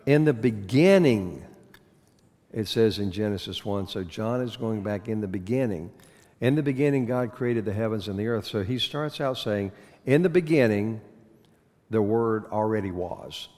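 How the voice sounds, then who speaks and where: A man's voice: lowish voice, normal speed, a little mellow. A man teaching a Bible lesson in a conversational way, asking his listeners questions and slipping in corny puns. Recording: long reverb of a hall.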